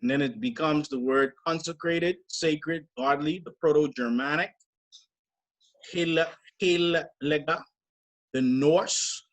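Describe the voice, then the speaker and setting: A middle-aged man leading a scriptural study, deliberate and emphatic, spelling out word origins. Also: on the high side. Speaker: church teacher.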